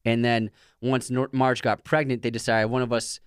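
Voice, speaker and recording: Male podcast co-host, analytical film-buff delivery, smooth and clear, dry sound. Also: medium pitch, little pitch movement, moderate pace, no echo. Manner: analytical, shares trivia, stumbles over words. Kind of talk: casual film discussion.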